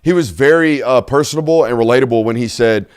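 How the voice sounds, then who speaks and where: A man's voice: medium pitch, fast talker, clear, resonant tone, no room sound, clean studio sound. A man hosting a casual sports talk show, loose and joking, rambling with fillers. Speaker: host.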